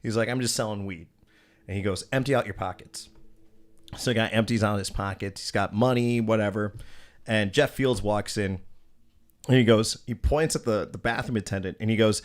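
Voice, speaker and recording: Young male podcast host, rambling storyteller, average pitch, swears constantly. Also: moderate pace, fairly bright tone. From Wisconsin. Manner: profane, rambling, acts out quoted dialogue. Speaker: podcast host, former strip club DJ. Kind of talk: casual storytelling chat.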